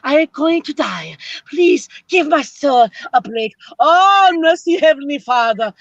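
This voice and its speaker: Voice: high voice, animated, a little slow, vocal fry, fairly bright tone, no echo, highs cut off, voice pushed down, full character voice. A performer on a live stream putting on the voice of a fretful woman who prays and pleads melodramatically. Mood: melodramatic. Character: fretful woman praying dramatically.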